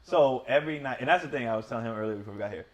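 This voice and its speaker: A man hosting a podcast, telling a parenting story in casual chat. He talks fast, swears freely and bursts into loud shouts when he quotes himself. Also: medium pitch, muffled recording, a crowd in the background. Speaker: podcast host, father.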